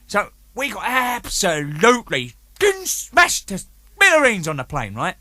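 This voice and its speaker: Animated man telling swearing stories. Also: high-pitched, measured pace, no room sound. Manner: animated, swearing, acts out voices. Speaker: storytelling guest. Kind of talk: anecdote from an archive recording.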